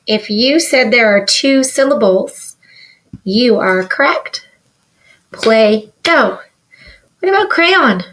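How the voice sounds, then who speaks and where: Woman, kindergarten teacher, unhurried delivery, higher voice, sing-song, encouraging, sounds words out. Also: fairly bright tone, poor audio. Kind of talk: recorded classroom lesson for young children.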